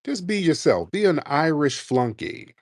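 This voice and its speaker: A man's voice: a little high, sing-song, unhurried, no echo, studio quality. A man hosting a radio-style show with callers, mocking and combative, talking over the caller. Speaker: host taking callers. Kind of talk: heated call-in debate.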